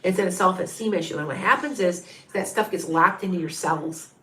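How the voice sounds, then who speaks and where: Her voice is fairly low, pushed and bright, and she talks fairly quickly. She's a middle-aged psychic reader on a live stream who rambles and repeats herself thinking aloud, reading out viewer names and counting quietly.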